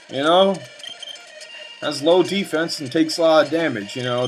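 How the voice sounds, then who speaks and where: A man's voice: a little high, moderate pace, pauses often. A young man talks over his gameplay at a desktop mic, drifting from one tangent to the next. He stammers and repeats himself, filling gaps with ums and likes. A faint hiss sits under the recording. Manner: rambling and tangent-prone, with many fillers and stammered repeats. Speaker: let's play commentator. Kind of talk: rambling gameplay commentary.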